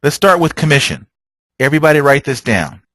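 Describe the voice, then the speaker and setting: A man's voice: on the high side, big pitch swings, a little fast, fairly bright tone, dry recording. A man training travel agents in a motivational sales talk, telling stories and asking rhetorical questions. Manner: preachy, storytelling with rhetorical questions.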